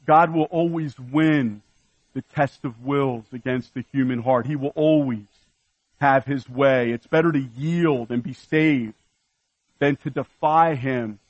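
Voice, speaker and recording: A man preaching a sermon in an earnest, exhorting way, with a voice a little higher than most men's. The sound is dry and close, but somewhat dull and muffled. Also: no echo. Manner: earnest preaching, ticking off verse references. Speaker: pastor.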